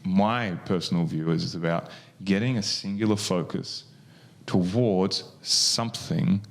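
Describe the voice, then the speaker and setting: Low-voiced and unhurried, with noticeable vocal fry, an Australian man talks about hypnosis as a podcast co-host. The chat is loose and meandering, packed with fillers and false starts.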